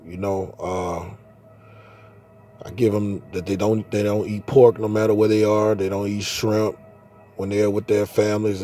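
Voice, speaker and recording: A man's voice: on the low side, mellow. A man in his thirties, a father, telling a rambling story about faith in casual, profane speech full of restarts. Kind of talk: casual spoken monologue.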